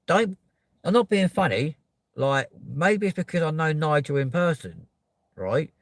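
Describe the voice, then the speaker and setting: A man's voice: on the high side, expressive, measured pace, no echo. Heated, profane man. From Kent, England. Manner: profane, heated, swings into shouting. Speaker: livestreamer. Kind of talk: live stream rant, reading chat.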